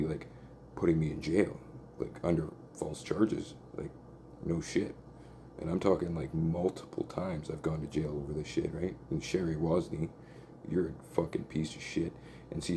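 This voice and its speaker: Deep gravelly man ranting, profane and agitated. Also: dark tone, slight background noise. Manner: agitated, profane, repeats "like" and "right?". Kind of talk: rambling angry monologue.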